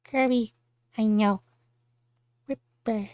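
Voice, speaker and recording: A woman's voice: a little high, steady tone, slow pace, clear, resonant tone, dry recording, highs cut off. A woman streamer chatting casually on a live stream, bubbly, with cutesy baby-talk words.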